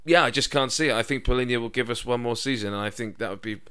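A man's voice: medium pitch, quick pace, pushed and bright, smooth. A man hosting a casual football podcast, chatty and enthusiastic, with frequent fillers and restarts. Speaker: podcast host.

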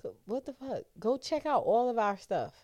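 A young woman co-hosts a loose, joking chat, blunt and full of slang and swearing. Her pitch rises and falls with a lot of life. The sound is dry and close, with no room in it. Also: sing-song, normal speed, mellow, no room sound, dull audio. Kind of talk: casual chat.

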